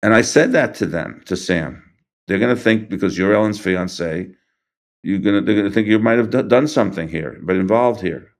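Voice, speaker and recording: Halting older man with a low voice. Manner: halting, restarts and trails off, earnest. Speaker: interview guest, grieving father. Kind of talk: recounting events in an interview.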